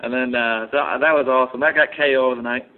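A man recapping fights in a loose, chatty podcast, breaking into laughter and putting on brief joking voices for the people he talks about. His voice sits at an ordinary pitch for a man. The audio is thin and tinny, like a phone line. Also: fairly even intonation. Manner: laughs often, does quick mock impressions. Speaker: podcast co-host. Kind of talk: casual fight recap chat.

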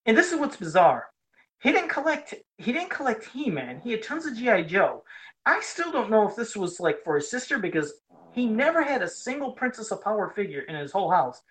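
A man in casual podcast chat, telling a nostalgic story with lively swings in pitch. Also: a little fast, rough recording.

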